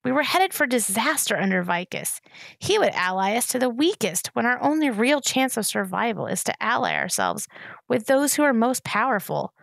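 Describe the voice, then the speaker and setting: A woman's voice: a little high, sing-song, moderate pace, gravelly, a bit bright, no echo, pitched above the performer's own voice, exaggerated voice. A woman reading aloud voices a cold, insistent young royal traitor in a storybook. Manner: cold, urgent.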